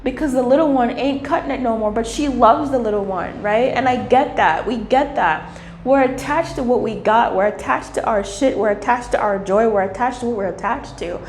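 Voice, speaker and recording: A woman giving a casual tarot reading, playful and animated, who swears freely and acts out little voices. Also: on the high side, normal speed. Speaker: tarot reader. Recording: echoey room with faint hiss.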